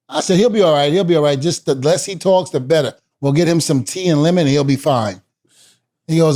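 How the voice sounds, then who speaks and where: A middle-aged man with a slightly high voice tells a story with energy. He acts out every line of dialogue, shifting his voice for each person, and laughs between beats. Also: fairly quick, darkish tone. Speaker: guest, retired wrestler. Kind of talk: animated storytelling.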